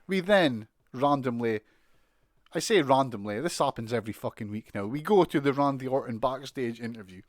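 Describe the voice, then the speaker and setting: A man's voice: medium pitch, animated, normal speed, no room sound, studio quality. A man with a British accent giving a casual, sweary, mocking recap of a wrestling show. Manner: sweary, mocking, exasperated ranting with laughs.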